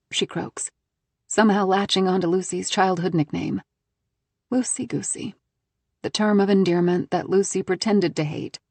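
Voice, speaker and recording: Husky-voiced woman narrating a thriller. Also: on the low side, darkish tone, no room sound. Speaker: audiobook narrator.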